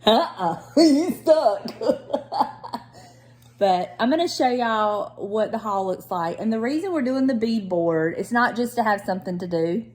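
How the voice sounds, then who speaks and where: A woman with a warm Southern drawl chats to her camera at home. She keeps it loose and teasing, with a laugh never far away. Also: medium pitch, animated, normal speed, few pauses. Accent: Southern American. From Southern United States. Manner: chatty and teasing, laughs often. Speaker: lifestyle vlogger. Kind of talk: casual chat to camera.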